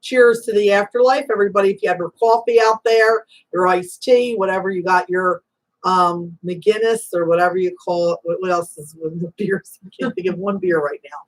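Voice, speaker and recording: Speaking at normal speed with a steady tone and a voice on the low side, an Italian-American psychic reader runs a live call-in show of spiritual readings. She's emphatic and motherly, calling people honey and sweetie.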